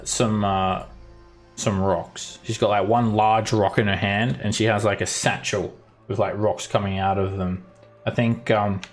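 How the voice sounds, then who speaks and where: A man with a fairly low voice runs a tabletop game as dungeon master. He narrates loosely and describes each scene in detail. Faint music plays beneath him.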